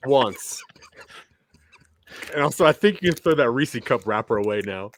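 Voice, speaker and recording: A man on a comedy podcast panel, teasing the speaker with quick interjections in casual banter. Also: medium pitch, expressive, a little hiss or hum.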